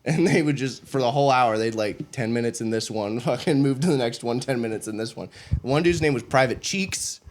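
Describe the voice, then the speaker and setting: A man from the United States co-hosting a podcast, telling basic training stories in a casual, profane way and laughing often. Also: mid-range voice. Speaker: podcast co-host. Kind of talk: casual storytelling chat.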